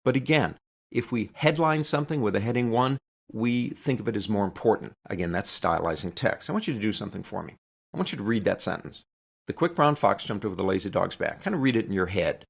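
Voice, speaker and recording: A man teaching a web design tutorial in a conversational, expressive way, sometimes showing vocal inflection. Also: lowish voice, fast talker, creaky, breathy edge. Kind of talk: screen-recorded software tutorial.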